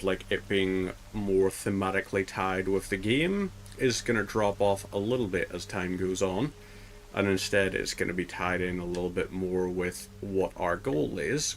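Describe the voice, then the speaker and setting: A man's voice: low-pitched, unhurried, slight background noise. A man giving casual commentary while playing a game, chatting to himself as he goes. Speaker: gaming streamer.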